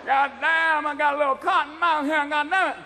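A man's voice: very high voice, fairly even intonation, brisk, pushed and bright, pitched above the performer's own voice, exaggerated voice. A man voicing a dazed, stoned horse that grumbles groggily, as a stand-up comedy bit. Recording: live crowd, noisy club recording.

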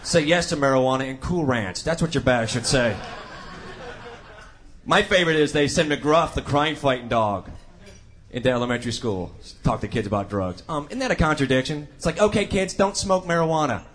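A man's voice: medium pitch, animated, brisk, fairly bright tone. A man doing a stand-up routine, delivering wry, sarcastic punchlines. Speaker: stand-up comedian.

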